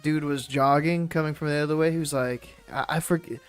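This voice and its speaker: A man's voice: a little high, fairly even intonation, a little fast, clear, resonant tone, soft background music. A man streaming a game and chatting casually, rambling and laid-back, swearing freely and laughing often. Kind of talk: casual chat while gaming.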